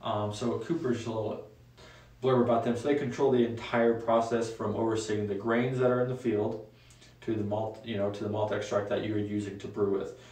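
A young adult man hosting a casual solo talk show, relaxed and rambling with frequent ums. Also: on the low side, moderate pace. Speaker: host. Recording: echoey room, voice a bit far from mic.

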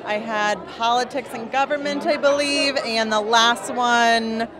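A woman's voice: fairly high pitch, steady tone, unhurried, a crowd in the background. A woman TV news reporter who talks modestly and jokes a little while being interviewed. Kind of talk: casual interview.

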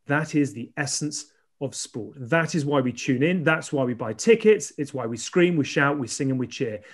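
A man's voice: mid-range voice, animated, moderate pace. A man hosting a podcast, delivering a rhetorical, emphatic opening before chatting casually. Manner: rhetorical and emphatic, building lists. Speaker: podcast host. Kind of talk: scripted monologue, then casual chat.

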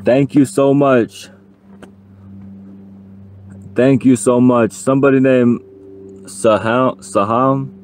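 A man's voice: mid-range voice, steady tone, darkish tone, a little hiss or hum. A man chatting casually on his livestream, pleading for donations and joking along the way. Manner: pleading and joking, slow drawl.

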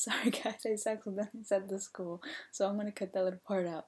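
Husky-voiced young woman telling stories. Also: medium pitch, fast. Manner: animated, acts out the players' and her own quoted lines; laughs often and corrects herself mid-story. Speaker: podcast host and soccer referee. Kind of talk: casual storytelling monologue.

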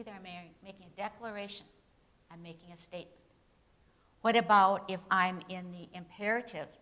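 A woman with a fairly bright voice on the low side teaches English grammar in a Bible institute classroom. Questions go out to the students, but she answers them herself through tag questions, and she reads the example sentences with distinct emphasis.

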